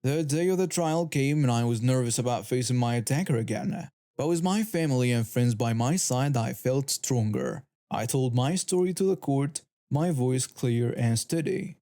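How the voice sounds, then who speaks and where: A man reads a first-person story aloud in scripted narration. His voice is dark and mellow, with a middle pitch. He keeps an even, steady delivery throughout. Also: normal speed, few pauses.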